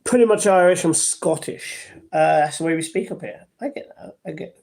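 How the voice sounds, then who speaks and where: A man's voice: fairly high pitch, normal speed, gravelly, darkish tone. Chatty man answering his livestream chat. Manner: chatty, answers chat messages aloud, mildly defensive. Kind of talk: casual live-stream chat.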